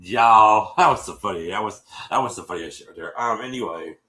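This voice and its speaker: A man hosting a show, recapping an episode in casual chat, animated and full of fillers, with a cough. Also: lowish voice, a little fast, reverberant, slight background noise, low-quality recording. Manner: animated, lots of fillers and repeats, acts out quotes.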